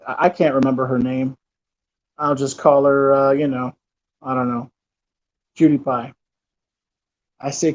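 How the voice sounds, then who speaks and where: Speaking unhurriedly and pausing often, this channel host has a steady, mid-range voice with a darkish tone. He's in his thirties, rambling through a personal story with plenty of fillers and restarts, recorded in dull lo-fi.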